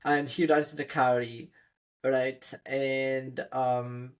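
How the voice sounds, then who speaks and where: A man's voice: mid-range voice, slow, clear, resonant tone. A man co-hosting a podcast, chatting casually about an anime and agreeing with his partner. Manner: relaxed, agreeable, filler-heavy chat. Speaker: podcast co-host. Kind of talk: casual episode recap.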